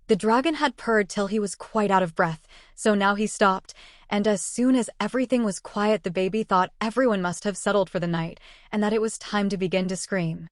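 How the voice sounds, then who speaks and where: Woman reading a story, even and measured, mid pitch, dry close sound. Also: no room sound. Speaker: narrator. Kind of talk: storybook narration.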